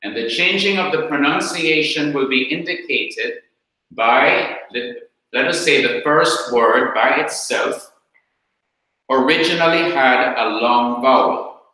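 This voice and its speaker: A man with a Jamaican accent teaching Hebrew grammar in a slow, deliberate classroom lecture, repeating his points. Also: medium pitch, pushed and bright. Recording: very echoey room.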